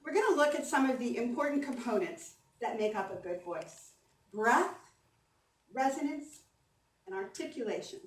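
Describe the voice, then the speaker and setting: A woman's voice: on the high side, animated, normal speed. A woman voice coach giving an upbeat, encouraging talk at a conference, leading the audience through breathing exercises. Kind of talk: presentation on stage. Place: conference hall. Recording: roomy hall sound from a distance, faint ambience.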